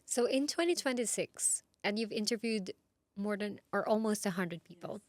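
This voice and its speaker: A woman's voice: medium pitch, animated, moderate pace, no room sound. A woman hosting her own podcast in a casual interview. She keeps agreeing with her guest in short affirmations and then shares her own reflections. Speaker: podcast host.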